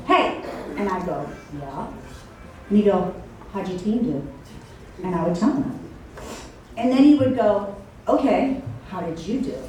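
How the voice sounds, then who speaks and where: A woman's voice: mid-range voice, dark tone, a little hiss or hum. A woman in her fifties with a Cincinnati accent giving a heartfelt, emotional acceptance speech at a podium, telling stories and now and then choking up. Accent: Cincinnati, Ohio. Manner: heartfelt, storytelling, voice catching with emotion. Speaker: hall of fame inductee giving a speech. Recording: very echoey hall, mic far off.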